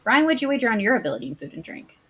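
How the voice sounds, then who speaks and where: A woman's voice: fairly high pitch, big pitch swings, rapid-fire, fairly bright tone, husky. Woman, trivia host, playful, teasing, reads questions. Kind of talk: reading trivia questions and running a game.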